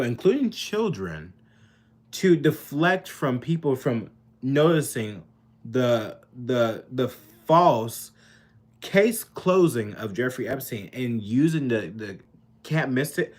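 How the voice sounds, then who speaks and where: Man, angry vlog rant, profane and repetitive, voice swinging high and low. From Kentucky, US. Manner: heated, profane, repeats himself, rising outbursts. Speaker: political vlogger.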